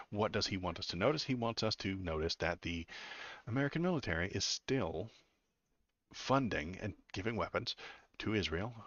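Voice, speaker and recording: A man giving live political commentary on his stream, sardonic and halting, with many fillers and repeated words. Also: low-pitched, a bit bright, dry recording, muffled recording.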